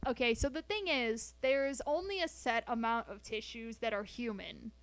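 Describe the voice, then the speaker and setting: A woman's voice: on the high side, normal speed, fairly bright tone. Profane rambling woman streamer. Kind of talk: casual live-stream chat. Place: home, sitting on the floor.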